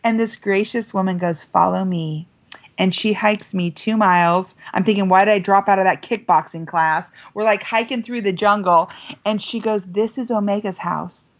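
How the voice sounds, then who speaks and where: A middle-aged American woman, a guest telling a story in a lively way, jumping up in pitch when she quotes people. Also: moderate pace, dull audio. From United States. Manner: lively, quotes voices with big pitch jumps. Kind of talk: animated storytelling.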